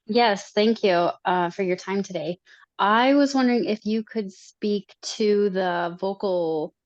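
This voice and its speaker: A woman's voice: mid-range voice, slow, dry recording, lo-fi sound. A woman student politely asking her teacher a question, with a slightly hesitant delivery.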